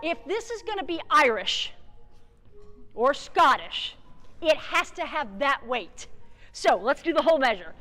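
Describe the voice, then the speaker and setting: A woman conducting a band rehearsal, energetic, singing rhythms aloud and counting off the players. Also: sits high, measured pace, soft background music. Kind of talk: rehearsal coaching. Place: large theatre with a band. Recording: live hall reverb with band playing.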